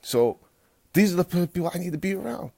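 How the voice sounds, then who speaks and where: A fitness coach talking bluntly and profanely from home at night, rambling with restarts and turning loud and heated as he rants. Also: high voice, expressive, fast talker, creaky, no room sound, clean studio sound. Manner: gets loud and heated when ranting. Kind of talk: late-night livestream pep talk.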